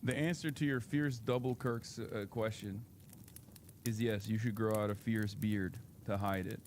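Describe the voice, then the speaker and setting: A man's voice: fairly low pitch, steady tone, a little slow, darkish tone, slight background noise. Rambling, profane male streamer. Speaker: streamer host. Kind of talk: casual live-stream commentary.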